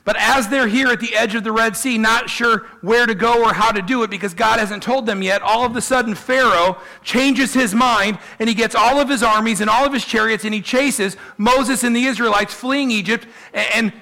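Male pastor, sermon, animated storyteller, higher voice, bright tone. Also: moderate pace, creaky, hardly any pauses. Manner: animated storytelling, voicing quoted people.

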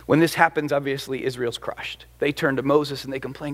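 A male pastor preaching a sermon, animated and emphatic as he retells the story. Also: mid-range voice, brisk. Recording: long hall reverb.

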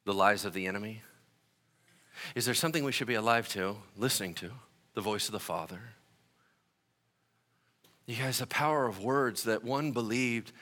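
A man's voice: lowish voice, normal speed, pauses often, bright, forceful tone, long reverb tail. A young adult man preaching a conversational sermon that builds to passionate emphasis. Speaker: pastor.

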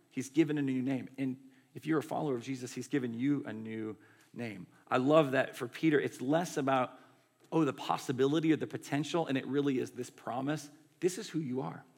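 A man delivers a sermon in a loose, chatty preaching style. His voice carries a gravelly edge at a mid pitch. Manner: conversational, animated preaching with many "like" and "right". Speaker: pastor.

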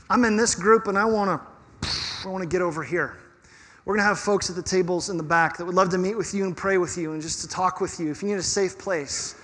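A man preaching a sermon as pastor, conversational and earnest, with quick laughs between points, then closing in prayer. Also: high voice, a bit bright. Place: church sanctuary. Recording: long church reverb.

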